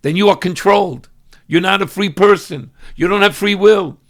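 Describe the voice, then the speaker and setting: A man from Brooklyn, a rabbi giving an expressive Torah lesson that breaks into loud mock shouting. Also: high voice, normal speed. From Brooklyn, New York. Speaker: rabbi teaching a weekly class.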